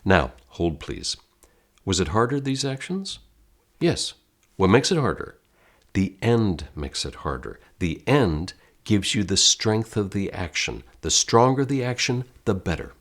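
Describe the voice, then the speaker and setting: Speaking as if to a class, a deep-voiced American acting teacher gives an online lesson, facing the viewer directly with theatrical flair. His pitch swings widely, and he's very animated while talking a little slowly.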